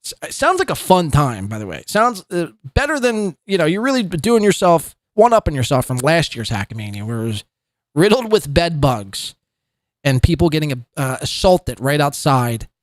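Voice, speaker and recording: A man's voice: on the high side, very animated, normal speed, no room sound. A man hosting a podcast, giving sarcastic, mocking commentary on clips and swearing freely. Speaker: podcast host.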